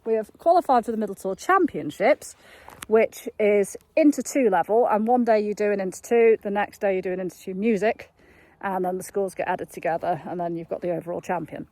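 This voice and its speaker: Woman chatting away on a field walk, mid pitch, upbeat horsey vlog. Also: a little fast, a little mellow, no echo. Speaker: equestrian yard owner and riding coach. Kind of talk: casual walking vlog chat. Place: outdoors in grass fields on a summer evening.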